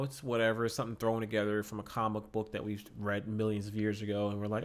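Excitable man stammering through a movie review. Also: fairly low pitch, brisk, hardly any pauses. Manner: excitable, stammers and repeats words. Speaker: podcast co-host. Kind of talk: casual movie review chat. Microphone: podcast microphone.

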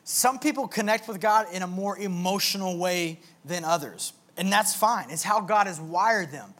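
Young male pastor with a high voice; conversational, earnest sermon delivery. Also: normal speed, a bit bright. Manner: conversational, earnest, with filler words.

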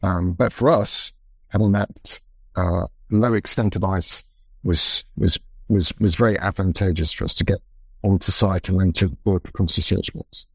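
Low-voiced man telling a measured story. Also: steady tone, husky, no room sound. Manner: measured, reflective, halting. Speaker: expedition leader. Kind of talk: recounting a story in conversation.

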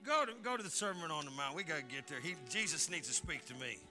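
A male pastor giving a folksy, animated sermon, often restarting his words. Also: a little high, fast talker, over music. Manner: folksy, animated and joking, with repeated word restarts.

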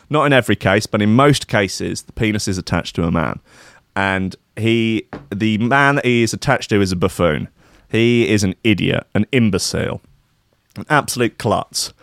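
A man's voice: fairly low pitch, dry recording, studio quality. A man hosting a radio show, rambling through crude, irreverent banter and often laughing at his own jokes. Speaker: radio host. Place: radio studio.

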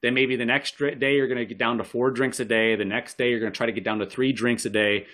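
A man's voice: medium pitch, fairly even intonation, fast talker, a bit bright. A male podcast guest with a mid-range voice, chatting in a loose, rambling way. He restarts his sentences often and slips in jokes as he gives advice. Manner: rambling, self-correcting, jokey. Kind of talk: casual advice chat.

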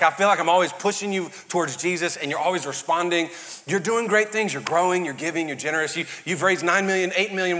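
A pastor preaching a sermon with passion and jokes, swinging between loud fired-up bursts and hushed, quiet lines. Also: male voice, fairly high pitch. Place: large church hall. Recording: reverberant live church hall.

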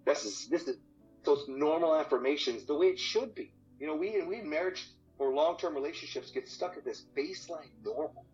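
A marriage coach speaks as a podcast guest in a fairly high, slightly mellow voice, going a little fast. He's casual and energetic on the topic of marriage, with frequent swearing and repeated words. Expect dull, lo-fi audio and faint music.

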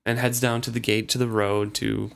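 A man co-hosting a casual book discussion. He recaps the plot and reads long passages aloud. His delivery stays relaxed and conversational. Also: fairly low pitch, moderate pace, vocal fry, clear, resonant tone. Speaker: book podcast co-host.

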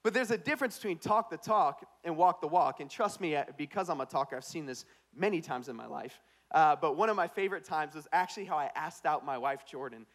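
A young male pastor with a slightly high voice preaches like a comic telling a story at his own expense, lively and a little fast. Quoted lines come out in swaggering put-on voices, and he swings from hushed asides to loud, bright punchlines.

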